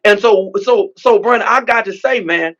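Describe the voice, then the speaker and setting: A man who is both pastor and politician tells his story in an interview, speaking with an emphatic, repetitive preacher's cadence and often saying "man." His voice sits high and fairly bright at a normal pace, though the recording is muffled.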